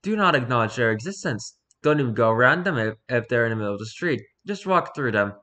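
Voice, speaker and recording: A man reading a rules-style horror story aloud for his channel, lively, with occasional stumbles and restarts. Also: medium pitch, fast. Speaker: YouTuber reading horror stories.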